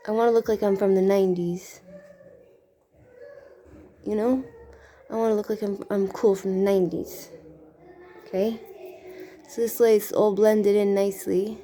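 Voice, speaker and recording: Drag queen with a Brooklyn accent, mellow voice. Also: medium pitch, steady tone, moderate pace, pauses often, a little hiss or hum. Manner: rambling, many "you know" tags and restarts. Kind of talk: casual chat while doing makeup.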